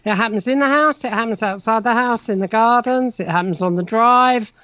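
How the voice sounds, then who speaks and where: A woman's voice: a little high, a little fast, fairly bright tone, no room sound. A woman with a South London accent, chatting and teasing on a radio show and laughing often. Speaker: medium. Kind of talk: casual radio chat. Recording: dull lo-fi remote line.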